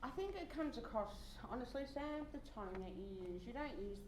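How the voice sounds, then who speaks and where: Woman playing a defensive loud coworker. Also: a little high, lively intonation, brisk, natural voice. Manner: defensive, matter-of-fact. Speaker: role-play participant in a mediation. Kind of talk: mediation role-play. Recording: roomy with faint noise.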